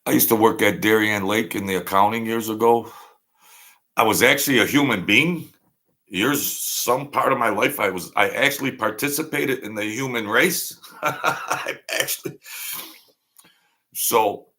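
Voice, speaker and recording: A man's voice: lowish voice, unhurried, pauses often, bright, forceful tone. A man hosting a casual livestream, telling meandering stories that trail off and restart. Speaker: livestream host. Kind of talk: rambling casual storytelling.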